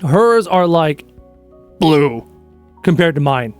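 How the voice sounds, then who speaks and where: High-voiced chatty man streaming live. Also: slow, smooth, soft background music. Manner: chatty, animated storytelling, answers chat questions. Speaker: livestreamer chatting with viewers. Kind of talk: casual live-stream chat.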